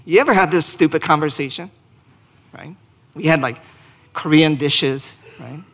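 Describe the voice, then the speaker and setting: A man's voice: a little high, moderate pace, long pauses, fairly bright tone, long reverb tail. A man preaching a sermon and leading a closing prayer, speaking earnestly, asking the congregation questions and rising to emphatic peaks. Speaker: pastor.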